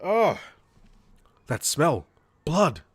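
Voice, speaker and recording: A man's voice: fairly high pitch, very animated, drawn-out words, slightly rough, dry recording, exaggerated voice. A man voicing a nervous young male defense lawyer in a game. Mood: alarmed. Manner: nervous, alarmed.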